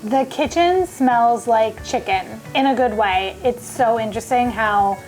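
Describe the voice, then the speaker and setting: A woman's fairly high, slightly mellow voice moves at a somewhat slow pace over faint music. She's the host of a casual cooking vlog, cooking in her home kitchen and chatting enthusiastically as she thinks aloud.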